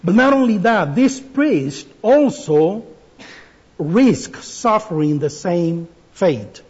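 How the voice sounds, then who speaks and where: Slow-speaking man preaching, husky voice. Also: high-pitched, lively intonation, darkish tone, highs cut off. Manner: slow, deliberate delivery with pauses and restarts. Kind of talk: sermon.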